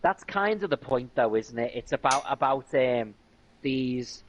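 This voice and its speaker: A man's voice: medium pitch, animated, measured pace, muffled recording, a little hiss or hum. A man streaming a game, chatting casually and enthusiastically with plenty of fillers and restarts. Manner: rambling, enthusiastic, many fillers. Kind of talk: casual gaming stream chat.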